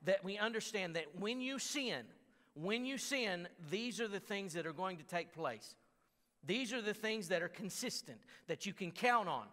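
A man's voice: high-pitched, bright, forceful tone. A man preaching a sermon as pastor, talking in a conversational way with frequent restarts and stammers, and reading scripture aloud with mounting force. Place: church sanctuary. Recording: long church hall reverb.

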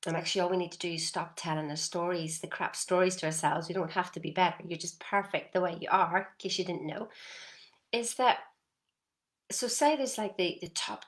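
This woman, a personal development coach with a lowish voice, gives a motivational talk straight to camera. She's animated and emphatic, addressing the viewer directly and tossing in "yeah?" again and again.

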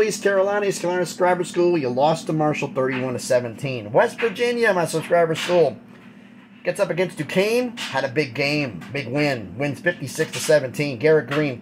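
A man's voice: on the high side, animated, moderate pace, background noise. A man giving a casual, blunt college football recap, rattling off stats and opinions.

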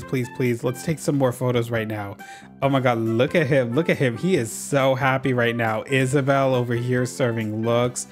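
A gaming YouTuber giving casual let's-play commentary, excitable and dramatic, using lots of slang and talking to the characters on screen. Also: medium pitch. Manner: talks to game characters while playing.

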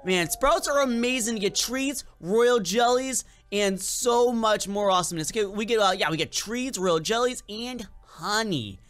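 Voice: mid-range voice, normal speed, hardly any pauses, a bit bright. A gaming video creator with a slight accent and a lingering cold, giving playful, chatty gameplay commentary straight to viewers.

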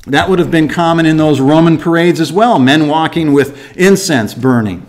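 A man teaching the Bible to his church verse by verse, in an animated, conversational way, asking the listeners rhetorical questions and acting out little scenes. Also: on the high side, moderate pace.

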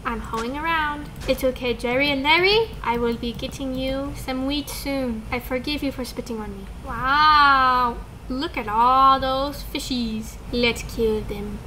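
A woman in her twenties chats through a video game in a very high, bright voice. She is dramatic and quick to squeal or shout. A faint hiss sits behind her. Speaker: gaming co-host. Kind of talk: excited casual gameplay chat.

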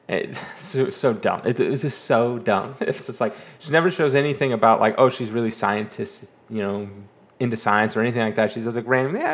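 A man hosting a casual movie review, rambling and exasperated, mocking the characters in quick put-on quotes. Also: lowish voice. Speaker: comic collector channel host.

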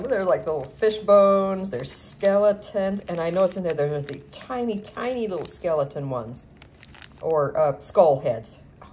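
A craft vlogger chats casually while unboxing craft supplies at home, gushing and filling pauses with lots of ums. Her voice sits low with a darkish tone, and the home recording is noisy.

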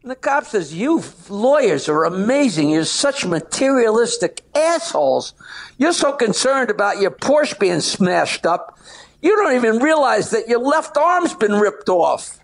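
A comedian rattling off jokes, breaking into shouted punchlines and cackles. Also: male voice, extremely high pitch, very animated, unhurried, gravelly. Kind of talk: rapid-fire joke telling.

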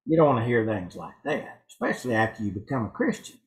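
A man's voice: lowish voice, big pitch swings, fast, low-quality recording. A male pastor giving an evening sermon in a church, folksy and fond of telling jokes. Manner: folksy joke-telling preacher. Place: church sanctuary.

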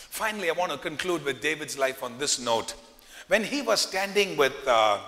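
A man's voice: on the high side, pushed and bright. A man preaching a sermon, telling a story with animation and putting questions to the congregation. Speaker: pastor. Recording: reverberant church hall.

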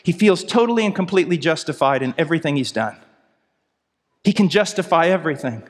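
A middle-aged man from the United States preaching a sermon, impassioned, moving from loud pleading to low intensity. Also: lively intonation, quick pace. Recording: long reverb of a large hall.

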